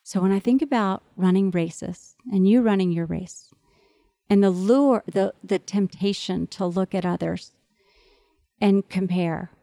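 A woman's voice: medium pitch, a little slow, gravelly, warm tone, dry recording. A middle-aged woman hosting a podcast, talking earnestly and with animation straight to listening parents. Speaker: podcast host. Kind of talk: encouraging podcast monologue to parents.

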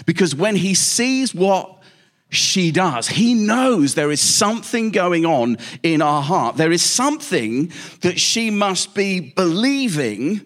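Animated male preacher. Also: high-pitched. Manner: lively storytelling, emphatic repeated questions. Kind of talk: sermon.

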